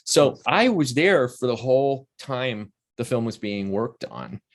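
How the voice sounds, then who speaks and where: This actor and playwright, a man in his sixties, speaks a little slowly in a mid-range voice. Chatting casually in an interview, he spins stories with animation and performs the voices of anyone he quotes.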